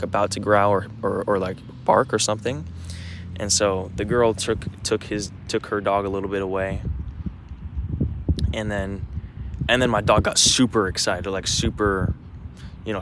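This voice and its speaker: Background noise accompanies a young man speaking on the low side while he takes his dog out and records a vlog. The chat wanders loosely, peppered with fillers and false starts.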